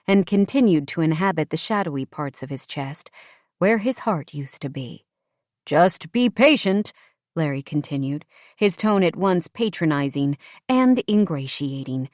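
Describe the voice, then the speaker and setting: A woman narrating an audiobook in a measured, expressive read. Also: fairly low pitch, no echo, clean studio sound. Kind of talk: scripted narration.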